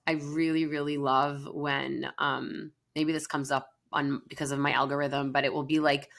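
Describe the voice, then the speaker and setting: A woman's voice: sits low, level tone, moderate pace, creaky, fairly bright tone. A woman co-hosting a counseling podcast, talking in an earnest, chatty way with plenty of fillers. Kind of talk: casual podcast conversation.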